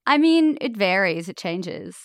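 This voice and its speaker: A woman's voice: mid-range voice, very animated, a little slow, no echo. A woman with an Australian accent, chatting and laughing easily as a podcast guest. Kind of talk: casual chat.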